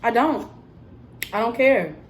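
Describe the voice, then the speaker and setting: A young woman telling a story in a casual, animated vlog style, emphatic and full of fillers. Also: on the high side, takes it slowly, a little hiss or hum. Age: young adult. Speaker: vlogger and cosmetics counter worker.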